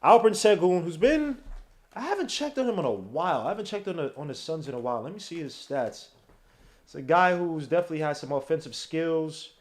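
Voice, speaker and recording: A man's voice: a little high, animated, brisk. Rambling male podcast host thinking aloud. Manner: rambling, thinks aloud with many fillers and restarts. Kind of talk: casual solo podcast talk.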